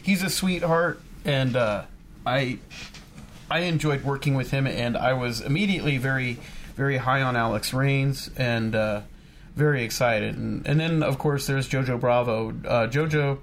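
A man's voice: mid-range voice, normal speed, a little hiss or hum. A man, a podcast co-host speaking in an easygoing, earnest way in a casual chat.

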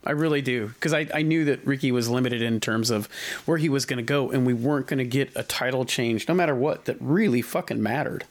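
A man hosts a relaxed podcast conversation, thinking aloud as he talks. He circles back on his words, restarts sentences and leans on fillers as he works through his point. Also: medium pitch, brisk. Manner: rambling, many restarts and fillers. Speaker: podcast host. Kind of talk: casual chat.

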